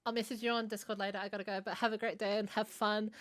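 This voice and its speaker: A woman's voice: mid-range voice, flat delivery, fast, hardly any pauses, fairly bright tone. A woman streamer chatting casually over gameplay, hesitant and trailing off.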